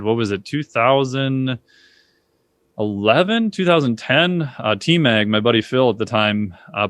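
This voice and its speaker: A man speaking as a podcast guest, telling stories in a casual conversational way and acting out quoted voices with big jumps in pitch. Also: fairly bright tone, dry recording.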